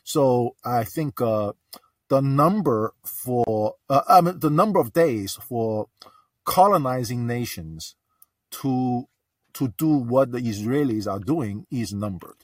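A man phoning in to a talk show who speaks earnestly, stopping often with uh and restarting. His voice is mid-pitched and sounds set back from the mic, yet dry. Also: lively intonation, no echo, far from the mic. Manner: halting, many uh fillers, earnest. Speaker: caller. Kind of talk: casual call-in talk.

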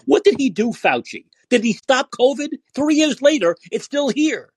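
A man hosting a podcast, delivering an angry, profane political rant full of repeated rhetorical questions and yelling. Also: extremely high pitch, lively intonation, normal speed, breathy edge, no room sound. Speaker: podcast host.

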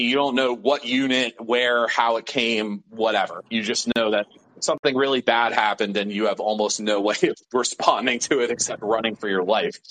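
Guesting on an interview, a man from Pittsburgh spins a loose, animated story packed with swearing and fillers. He has a medium-pitched voice, and the recording is rough.

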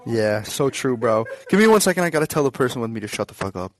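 A man's voice: medium pitch, very animated, quick pace, a little hiss or hum. A man from the US East Coast calling in to troll a live show, drawling and saying bro constantly. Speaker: caller. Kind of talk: trolling call-in chat.

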